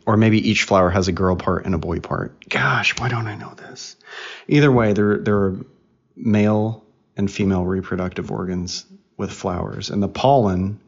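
A man in his thirties chatting casually with his young daughter on a podcast, patiently explaining things through questions and gentle teasing. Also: fairly low pitch, vocal fry. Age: 30s. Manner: patient explainer who asks questions and teases. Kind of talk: casual family chat. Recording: dull lo-fi recording.

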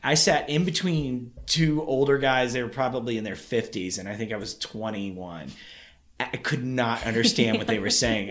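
A man's voice: mid-range voice, a bit bright. A man from Kentucky hosting a casual interview chat, rambling and chatty, laughing often. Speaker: host.

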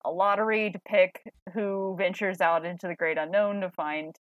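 A woman co-hosting a comic book podcast talks casually in a lower-pitched voice. Her speech rambles and is full of fillers. The sound is dry and close, with no room around it. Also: fairly even intonation, normal speed, dry recording. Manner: chatty, rambling, many fillers and restarts. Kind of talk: casual chat.

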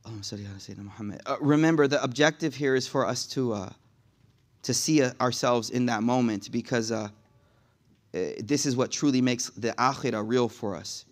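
A man's voice: medium pitch, moderate pace. A man preaching a sermon in a casual, slangy way, reciting Arabic passages and then translating them. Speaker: Islamic preacher.

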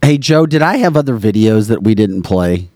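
A man's voice: fairly low pitch, lively intonation, darkish tone, no echo, clean studio sound. Exasperated male podcast host. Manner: brisk, exasperated, directs the producer. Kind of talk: casual political talk.

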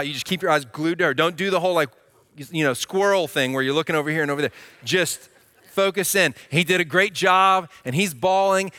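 A male pastor delivers a sermon in a relaxed, conversational tone, often stopping to check in with his listeners. His voice is fairly high and bright, and it sounds close and dry with almost no room echo. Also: smooth.

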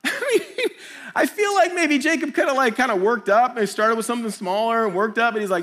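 A middle-aged man preaching a sermon, telling jokey stories and acting out quick voices. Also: high voice. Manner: animated, jokey storytelling with acted-out voices. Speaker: pastor.

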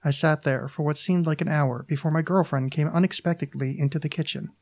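A man, a podcast host, reading his own short story aloud in a deliberate, deadpan manner. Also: fairly high pitch.

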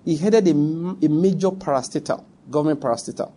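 A man's voice: a little high, brisk, warm tone. A middle-aged Nigerian man preaching a sermon, emphatic and direct, repeating his points and speaking straight to his listeners.

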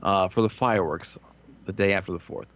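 Lower-voiced man in his thirties, crude storyteller. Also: fairly quick, fairly bright tone, dull audio. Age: 30s. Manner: crude, rambling, self-mocking anecdotes. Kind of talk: casual storytelling chat.

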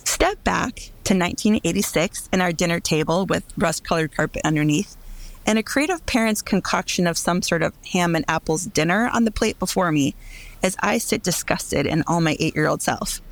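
A woman's voice: lowish voice, expressive, moderate pace. A woman from Minnesota narrating a childhood story in a wry, descriptive way.

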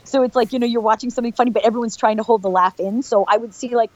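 A woman's voice: fairly high pitch, steady tone, rapid-fire, a little mellow, dry recording, dull audio. A middle-aged woman, an actress being interviewed, chatting in a bubbly, rambling way and laughing often. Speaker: actress guest. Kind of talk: casual interview chat.

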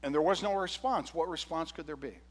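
A male pastor preaching a sermon, retelling a parable with animated, humorous storytelling. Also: a little high, brisk, in a large hall.

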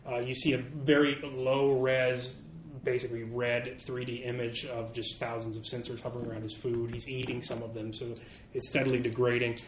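A man narrating as game master, talking in a halting way with many fillers. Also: medium pitch, little pitch movement. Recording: echoey room with faint hiss.

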